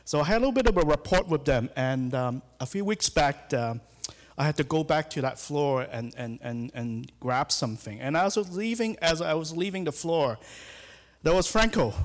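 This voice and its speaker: A middle-aged hospital chaplain gives a sermon in a church sanctuary, speaking hesitantly with lots of fillers and restarts. His voice is a little high, his pace moderate, and the recording has long hall reverb.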